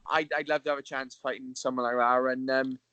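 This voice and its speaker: Relaxed man with a dry, close voice. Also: mid-range voice, fairly quick, clear, resonant tone, dry recording, dull audio. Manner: relaxed, hesitant with many ums. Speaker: guest, MMA fighter. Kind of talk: casual podcast interview.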